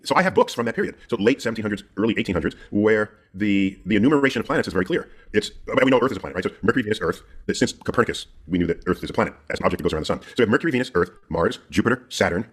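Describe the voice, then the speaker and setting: A man's voice: on the low side, expressive, rapid-fire, hardly any pauses, husky. A man casually explaining science, rambling and repeating words with frequent chuckles.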